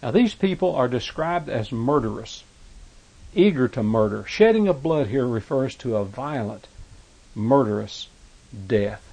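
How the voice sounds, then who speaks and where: A man with a gravelly voice preaches a sermon, animated yet unhurried. He reads scripture aloud in King James wording and explains each verse, his pitch and volume rising on the quoted passages.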